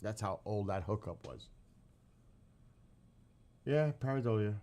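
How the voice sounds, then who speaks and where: A man from New York talks casually with his stream chat, his New York accent thick on every word. His voice sits somewhat low. He rambles from one aside to the next, quizzes the viewers and breaks into laughter often. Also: expressive, a little slow, warm tone. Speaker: live streamer.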